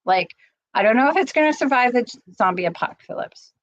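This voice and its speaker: A woman's voice: a little high, animated, fairly quick. Chatty rambling middle-aged woman, lo-fi. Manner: chatty and rambling, gets teary. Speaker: channel host. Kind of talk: casual live-stream chat.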